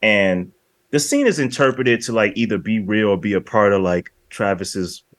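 Low-voiced man chatting about movies. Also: expressive, normal speed, dry recording, clean studio sound. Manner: rambling, acts out movie lines in quoted voices. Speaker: podcast co-host. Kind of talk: casual film discussion.

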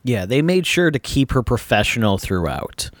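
A man's voice: medium pitch, moderate pace, no room sound. Chatty man reviewing a movie. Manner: relaxed, chatty, with frequent "uh" fillers. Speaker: podcast co-host. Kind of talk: casual movie review chat.

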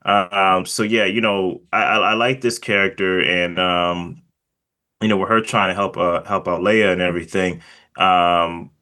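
Male podcast co-host, lowish voice, loose and rambling film talk. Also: fairly even intonation, unhurried, sharp tone. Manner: rambling, many fillers and restarts. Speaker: film reviewer. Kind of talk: casual podcast discussion.

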